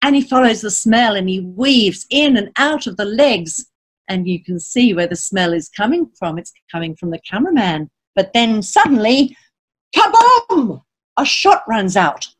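A woman, a children's author, reading a picture book aloud to children as an animated storyteller, reciting rhyming verse and asking her listeners questions. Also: mid-range voice, moderate pace. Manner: reads rhyming verse in lively sing-song.

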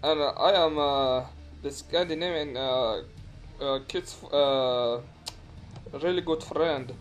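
A man putting on a fake Russian accent to play a crude, excitable commentator called Vladimir, swearing and laughing over a game. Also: mid-range voice, slow pace, soft background music, close to an everyday voice. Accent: put-on Russian accent. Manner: swears a lot, laughs and yelps at crashes. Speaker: gameplay commentator. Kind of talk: comic game commentary in character.

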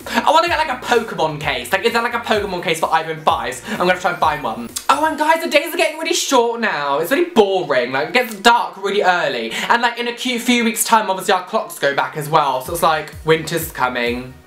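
An excitable young man chats to his camera, gushing and cursing freely. His voice leaps all over its range. The room echoes, and soft music plays underneath. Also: sits high, brisk. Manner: gushing, excitable, swears a lot. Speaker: vlogger. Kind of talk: casual vlog chat.

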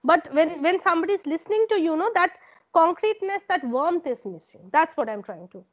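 A woman's voice: very high voice, expressive, fairly quick. A woman lecturer with an Indian English accent, giving corrective feedback over a video call and repeating her points. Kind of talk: online class feedback. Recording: dull lo-fi online call audio.

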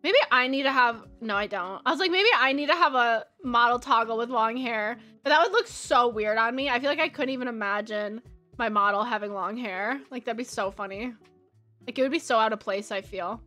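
A chatty woman streamer with a Valley Girl accent rambles and giggles as she draws, leaning on "like" constantly. Her voice is sharp and bright and sits a little high. Soft music plays behind her. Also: fairly quick. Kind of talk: casual chat while drawing on stream. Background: soft background music.

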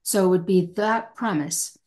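A woman's voice: fairly low pitch, a little slow, darkish tone. A middle-aged woman, a hostage negotiator as podcast guest, answering passionately and acting out quoted speech. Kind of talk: emphatic podcast interview answer.

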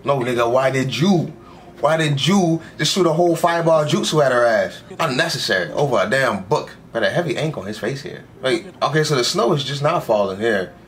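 Watching anime, a young guy fires off slangy remarks and answers the screen directly, dropping "bro" nonstop. He sounds animated and fairly quick in a mid-range voice.

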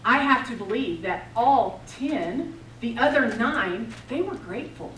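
A woman preaches with passion, swinging from loud declarations to hushed intensity. Her voice sits a bit high, and the mic is far from her. The sound rings in a roomy hall over faint background noise. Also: expressive, unhurried. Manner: impassioned storytelling, swings between loud and hushed. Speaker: women's retreat speaker. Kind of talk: sermon.

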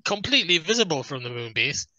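A man co-hosting a podcast who chimes in with quick remarks and frequent laughter. His voice sits a little high and swings around a lot, and it is recorded dry and close. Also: very animated, bright, forceful tone, no echo, low-quality recording. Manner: laughs often, chimes in briefly. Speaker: podcast co-host. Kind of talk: casual chat.

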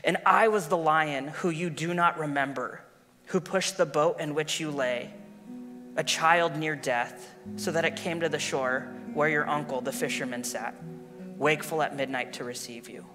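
Man reading a majestic lion, slow and measured; reverberant hall, guitar underneath. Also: on the high side, steady tone, close to an everyday voice. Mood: solemn. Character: great solemn male lion, calm and majestic.

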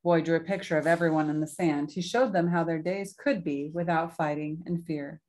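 A woman reading a picture book aloud as a church storyteller, slow and expressive, voicing the sound effects herself. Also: low voice.

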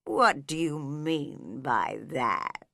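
A woman voicing a sleepy, unfriendly male caterpillar who smokes a pipe, speaking very slowly and curtly. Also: deep voice, animated, creaky, a bit bright, no room sound, voice pushed down, exaggerated voice. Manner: very slow, drawn-out and curt.

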